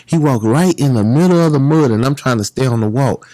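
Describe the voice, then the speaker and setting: A man, a guest, telling stories in a casual, animated way and acting out the other people's voices. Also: medium pitch, fairly quick, no echo, clean studio sound. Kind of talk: casual storytelling.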